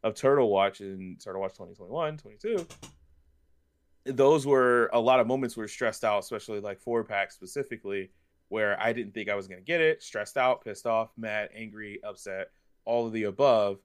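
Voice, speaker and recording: A podcast co-host with a fairly low, clean-toned voice chats casually at a normal speed. He tells stories in a rambling, animated way, packed with fillers.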